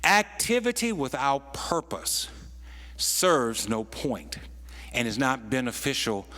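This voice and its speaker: A man's voice: medium pitch, expressive, takes it slowly, sharp tone, in a large hall. A pastor preaching a sermon, repeating words as he builds a point and dropping in folksy asides. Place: church sanctuary.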